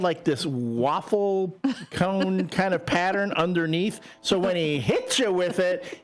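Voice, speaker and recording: Animated male radio host spinning stories. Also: sits high. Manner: animated storyteller, acts out voices. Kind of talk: casual on-air banter. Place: radio studio.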